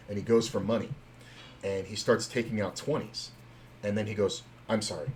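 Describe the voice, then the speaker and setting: Guy w a low voice just chatting on his stream, rambly, says uh a lot, swears casually. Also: steady tone, normal speed, darkish tone, slight background noise. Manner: loose and rambling, heavy on fillers and swearing. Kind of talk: casual live-stream chat and storytelling.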